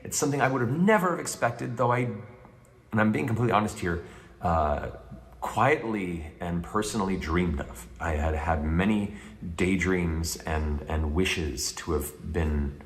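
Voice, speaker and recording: A male voice actor giving an earnest, heartfelt and somewhat halting answer on a panel. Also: deep voice, lively intonation.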